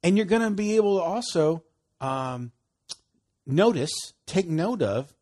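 Animated man preaching casually. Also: sits high, a little slow. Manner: animated, laughing, acts out conversations. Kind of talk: casual sermon.

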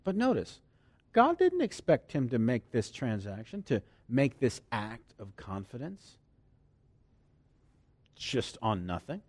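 Lively preacher, loud then hushed. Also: male voice, mid-range voice, takes it slowly, pauses often, breathy edge, no room sound. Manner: swings from loud emphasis to hushed near-whispers; laughs often between points. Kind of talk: sermon.

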